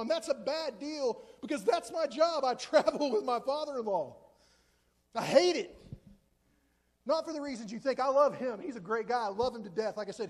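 Casting: man in his 40s, very high voice, chatty self-deprecating sermon, long hall reverb. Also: darkish tone. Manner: conversational, joking, self-deprecating. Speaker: preacher.

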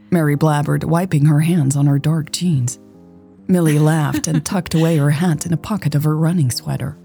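A woman calmly narrating a romance story as a scripted audiobook reading. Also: sits low, moderate pace, soft background music.

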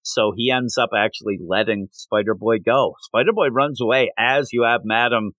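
A man co-hosting a podcast about comics, talking casually at a middle pitch. He retells the story with animated bits of acted-out dialogue. His voice is recorded dry and close to the mic. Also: moderate pace, no echo, low-quality recording. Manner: animated retelling, acts out quoted lines. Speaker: podcast co-host. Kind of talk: casual comic book discussion.

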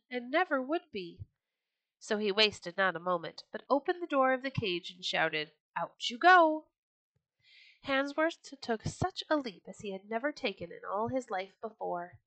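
A woman reading old children's stories aloud for a podcast, gentle and expressive. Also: medium pitch, no room sound, low-quality recording. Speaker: storyteller. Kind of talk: storybook read-aloud podcast.

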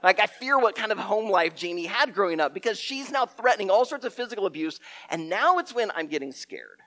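A middle-aged man telling a story as a preacher, animated and often repeating his words. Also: sits high, brisk. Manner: lively storyteller, acts out shouted quotes, stumbles and repeats words.

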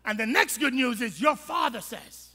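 A male pastor preaching a sermon in an animated, humorous and colloquial way, in a church sanctuary. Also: very high voice, a little fast, slightly rough. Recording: long reverb of a large hall.

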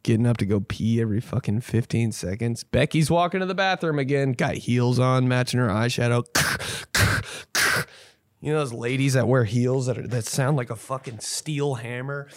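A man hosting a comedy podcast, ranting casually with lots of swearing, rambling restarts and sudden loud mocking voices. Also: mid-range voice, moderate pace, no echo, studio quality.

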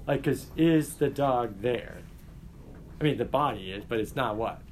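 A middle-aged male teacher lecturing his class in an animated way, often putting questions to the students. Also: mid-range voice, normal speed, slight background noise.

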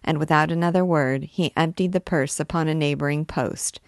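A woman, a literature teacher, reading a classic novel aloud in a clear, expressive way. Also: low voice, normal speed, no echo, studio quality.

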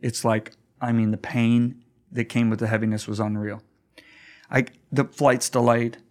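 Middle-aged man, a pastor telling a story, earnest and emphatic, mid-pitched voice that climbs when stirred. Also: level tone, measured pace. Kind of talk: storytelling in a conversation.

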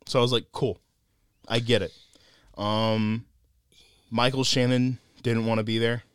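A man co-hosting a casual podcast film review, animated and laughing often as he acts out lines he quotes. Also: mid-range voice, a little slow, clear, resonant tone, dry recording, studio quality.

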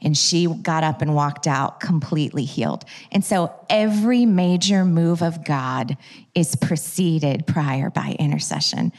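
A woman with a slightly low voice teaches a church audience about prayer. She tells her stories in an animated way and acts out the lines she spoke. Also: measured pace.

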